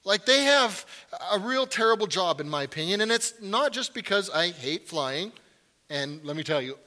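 A man preaching from the pulpit in a loose, joking storytelling style. His voice sits high and rings bright, and he keeps checking in with the congregation with a quick "right?" He pokes fun at himself as he goes. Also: expressive. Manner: chatty, self-deprecating storytelling with many "right?" asides. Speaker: pastor. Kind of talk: humorous sermon.

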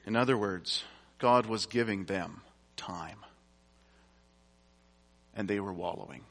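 A man's voice: on the low side, takes it slowly, a bit bright. A man preaching a sermon, reading scripture aloud and explaining it in a conversational way with casual asides. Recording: long reverb from a large hall.

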